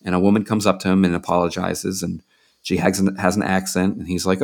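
A man's voice: low-pitched, flat delivery, quick pace, gravelly. A man being interviewed as a journalist and author, telling anecdotes in a loose conversational way with frequent fillers.

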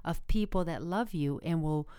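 A woman's voice: low-pitched, normal speed, mellow, clear, resonant tone, no echo. A woman speaking earnestly as a podcast guest, encouraging listeners. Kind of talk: motivational podcast conversation.

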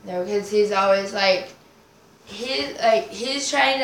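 A woman's voice: mid-range voice, measured pace. A woman guest on a podcast, chatting casually in a rambling way, swearing and making up nonsense words. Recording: roomy echo, faint noise.

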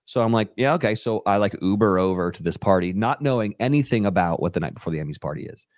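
A man on a podcast spins a rambling anecdote, acting out what people said with lots of "um" and "like". His voice sits a little low. The sound is close and dry, with hardly any room echo. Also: quick pace. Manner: animated storyteller who acts out quotes, many fillers. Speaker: podcast guest, radio DJ and TV personality. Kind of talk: casual anecdotal storytelling. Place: podcast studio.

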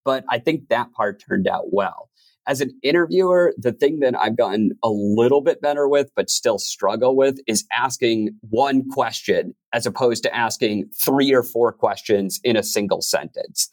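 A man's voice: medium pitch, moderate pace. A man reflects casually on his own work in an interview, filling his speech with "like". The sound is close and dry, with no room echo. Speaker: podcast host and narrator. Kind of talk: interview conversation.

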